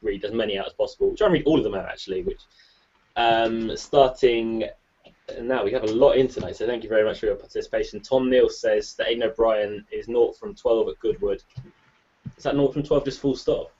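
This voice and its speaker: Chatty host, husky and muffled. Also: male voice, fairly low pitch, mellow. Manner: chatty, jokey, quick asides. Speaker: podcast host reading listener questions. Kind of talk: casual chat. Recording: muffled lo-fi recording.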